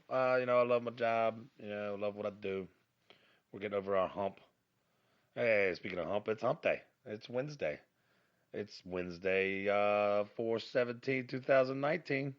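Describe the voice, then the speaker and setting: A man with a raspy voice and a slight twang, hosting a podcast as a rambling, profane, self-mocking solo rant recorded on his phone. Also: fairly low pitch, lo-fi sound. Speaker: podcast host.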